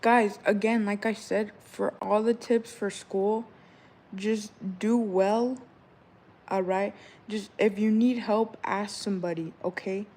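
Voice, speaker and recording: A young woman in her twenties talks straight to her viewers in a relaxed, rambling vlog chat. She hands out advice and stories, looping back with "all right?" and "you know" as she goes. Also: medium pitch, slow pace. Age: 20s. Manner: chatty, repeats "all right?", loose and rambling. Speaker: vlogger. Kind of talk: casual chat giving advice.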